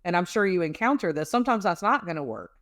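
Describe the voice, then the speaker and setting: A woman's voice: lowish voice, expressive, fast, slight background noise. A woman speaking as a guest on an interview show, explaining emotions in a conversational way with many fillers and homely images. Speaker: guest expert on emotional regulation. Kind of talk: casual explanatory interview talk.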